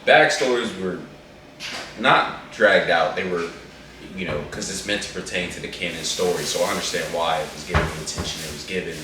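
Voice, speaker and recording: Deep-voiced man in a casual chat, echoey. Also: fairly quick, background noise. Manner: animated, rambling, slangy. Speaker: co-host reviewing an anime movie. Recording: echoey room, far from the mic.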